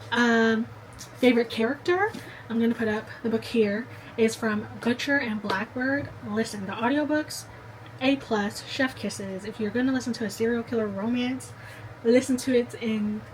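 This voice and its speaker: A woman's voice: fairly high pitch, a little hiss or hum, poor audio. A young woman vlogging casually to the camera, chatty and gushing, talking straight to the viewer. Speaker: book vlogger.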